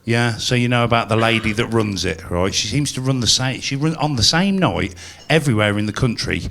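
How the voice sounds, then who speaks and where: A man's voice: medium pitch, animated, fairly quick, vocal fry, a bit bright, slight background noise. A man performing a chatty, self-mocking stand-up set at a live venue. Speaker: stand-up comedian.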